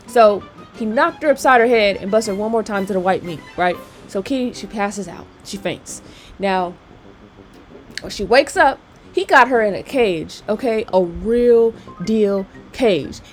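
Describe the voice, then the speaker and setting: A nail technician who hosts her own channel chats casually while working, using slang and checking in with her viewers. Her mid-range voice moves at normal speed over faint music.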